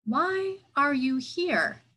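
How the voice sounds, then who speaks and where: A woman's voice: fairly high pitch, big pitch swings, takes it slowly, fairly bright tone, husky, full character voice. A woman doing a wise old hermit. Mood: calm. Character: wise old male hermit, patient then annoyed.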